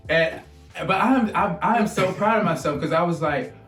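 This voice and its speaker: A man co-hosting a podcast, chatting casually and animatedly about his relationship, often acting out what was said. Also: brisk. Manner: animated storyteller, acts out quoted lines in a higher voice. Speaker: podcast co-host. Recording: roomy echo, mic at a distance, faint music.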